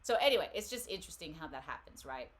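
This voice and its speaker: Deep-voiced and sing-song, this woman talks fast as she hosts a live tarot session. She's casual and rambling, breaking into laughter often.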